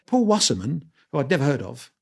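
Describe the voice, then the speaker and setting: A man, telling lively anecdotes as an interview guest and restarting his sentences often. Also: mid-range voice, a little fast, vocal fry, husky. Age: 60s. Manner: animated anecdotes with quoted voices and restarts. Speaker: guest photographer. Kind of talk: storytelling interview.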